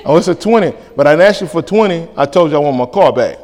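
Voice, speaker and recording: A male pastor preaching a sermon, lively and colloquial, acting out back-and-forth dialogues. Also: on the high side, fast talker. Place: church sanctuary. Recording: reverberant church hall.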